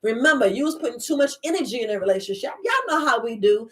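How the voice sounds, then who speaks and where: A woman herbalist host, talking in a casual, animated monologue and acting out the voices she quotes. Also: fairly high pitch, fast. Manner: animated storyteller, acts out quoted voices, laughs often.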